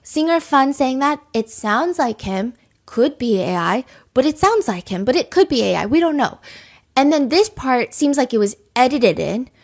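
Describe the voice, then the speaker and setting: A young woman hosting a podcast, telling a true-crime case in quick, animated casual talk full of rhetorical questions. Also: sits high. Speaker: podcast host.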